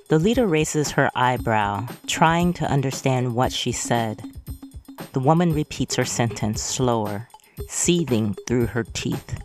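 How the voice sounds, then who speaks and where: Woman narrator, extremely deep voice, slow and lively, faint music under the reading. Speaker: audiobook narrator. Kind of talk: storybook narration.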